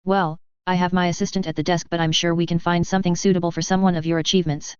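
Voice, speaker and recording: A woman's voice: lowish voice, little pitch movement, fast, dry recording, natural voice. A woman reading a silky scheming diplomat. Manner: smooth, purring, gushing. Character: silky, scheming female deputy ambassador. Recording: dull, muffled recording.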